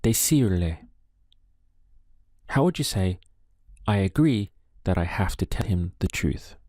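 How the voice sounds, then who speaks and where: Learners follow a male Spanish teacher through an unhurried, deliberate spoken lesson, with pauses left for their answers. His low, dark voice is animated, and the close, dry recording carries no room sound.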